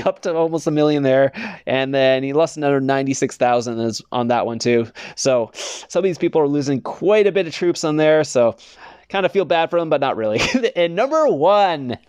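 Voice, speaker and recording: A man's voice: fairly high pitch, darkish tone, clean tone, no echo, clean studio sound. A young man hosting a gaming channel, chatting casually over gameplay footage, rambling with lots of fillers and frequent chuckles. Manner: rambling, laughs often, many fillers.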